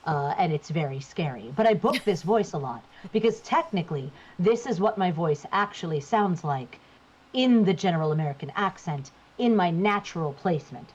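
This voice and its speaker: A woman's voice: on the low side, animated, normal speed, a little mellow. Chatty woman voice actor, dull lo-fi sound. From New Jersey. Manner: chatty, shifts voice placement to demonstrate. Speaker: voice actor guest. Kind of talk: casual chat while gaming.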